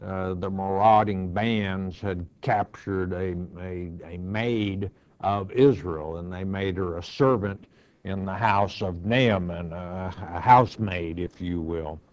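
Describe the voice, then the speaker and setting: An older pastor teaches the Bible verse by verse, reading scripture aloud and then explaining it without hurry, using lots of fillers. His voice is deep and steady, captured in a dull lo-fi recording.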